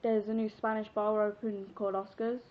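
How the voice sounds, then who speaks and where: Brisk and medium-pitched with little pitch movement, a sixteen-year-old English girl giggles and chats through a rambling personal story in her vlog, using plenty of fillers. The sound comes from a dull, lo-fi webcam.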